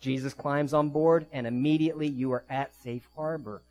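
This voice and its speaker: In poor audio, a fairly high-pitched man preaches as a pastor with a steady tone. He tells vivid stories in rapid bursts before easing into soft, hushed emphasis.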